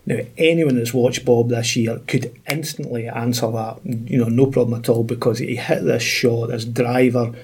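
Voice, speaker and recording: A man's voice: medium pitch, steady tone, normal speed, hardly any pauses, a little mellow, a little hiss or hum. A Scottish man, a golf expert on a podcast, chatting casually and telling stories with lots of fillers. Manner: chatty storyteller, many fillers.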